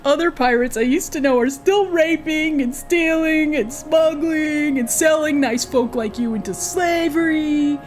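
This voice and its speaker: A woman voicing a regretful former male pirate who speaks slowly and ruefully. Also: high-pitched, soft background music, pitched above the performer's own voice.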